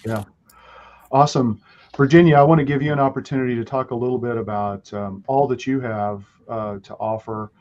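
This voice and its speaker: A man's voice: mid-range voice, steady tone, fairly quick, a little mellow, highs cut off. A man hosting a podcast interview, upbeat and encouraging as he hands the floor to his guest. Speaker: podcast host. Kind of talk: casual interview talk.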